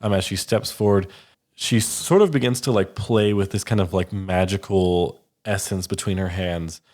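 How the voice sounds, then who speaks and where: A man's voice: low-pitched, moderate pace, darkish tone. A man narrating a tabletop game as game master, describing scenes casually with many "um"s and "like"s.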